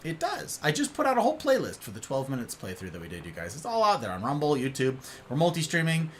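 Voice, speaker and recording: Young guy streaming, high bright voice, super playful and hammy, swoops all over the place. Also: huge pitch swings, fast talker, slight background noise. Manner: playful, theatrical, old-fashioned turns of phrase. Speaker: live streamer. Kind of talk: casual live-stream chat with viewers.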